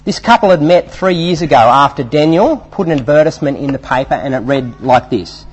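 Animated preacher with a husky voice. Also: male voice, fairly high pitch, brisk, few pauses. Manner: animated, emphatic preaching with fillers. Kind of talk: sermon.

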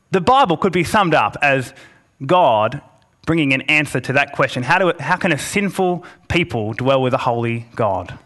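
A man preaching a sermon, earnest, slowing down to press each point and reading passages aloud. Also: a little high, a bit bright. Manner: earnest, slows for emphasis and reads scripture aloud.

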